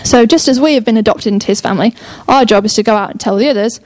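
A young woman preaches a sermon in a rapid-fire, fairly high voice with a darkish tone. She's enthusiastic and chatty, often breaking off mid-thought and starting again.

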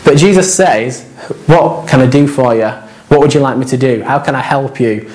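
A man's voice: mid-range voice, moderate pace, darkish tone. A man preaching a sermon as pastor, in a conversational, anecdotal way with quoted asides.

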